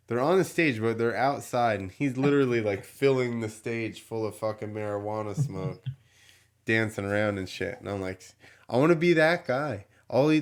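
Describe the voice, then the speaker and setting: A man hosting a podcast, telling a story in a casual, animated way, with swearing and laughter. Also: fairly low pitch. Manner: animated, profane, laughs while telling stories. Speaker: podcast host.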